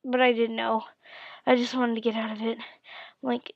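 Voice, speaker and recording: A tired young woman telling a casual story, rushing through it and slipping into breathy, whispered asides. Her voice sits a little high with a gravelly fry. The recording is dull, lo-fi and dry. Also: little pitch movement, no room sound. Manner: fast-talking with whispered asides and stammered quotes. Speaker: vlogger.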